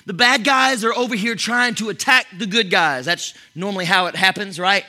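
A man delivering a fired-up sermon in a high, very bright voice. He shifts from near-shouting to soft whispers and stumbles into quick restarts and repeated words as he builds momentum. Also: faint music behind. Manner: animated, shifting between loud exclamations and soft whispers. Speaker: pastor. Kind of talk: energetic sermon.

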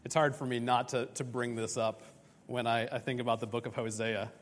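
Animated preacher in a reverberant hall. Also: male voice, medium pitch, a little fast. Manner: animated, conversational, acts out dialogue. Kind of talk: sermon.

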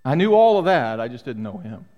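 Very animated and a little fast, a middle-aged man with a mid-range voice preaches emphatically to his congregation, asking rhetorical question after rhetorical question. He is the pastor in a church sanctuary; the audio is dull with long hall reverb.

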